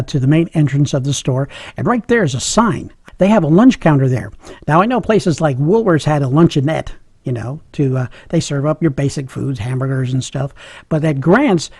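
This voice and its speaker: A middle-aged man tells a personal story in a gravelly, husky voice, chuckling and poking fun at himself. He sounds a little higher than most men, close and dry. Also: darkish tone, no echo. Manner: humorous, chuckling, self-mocking.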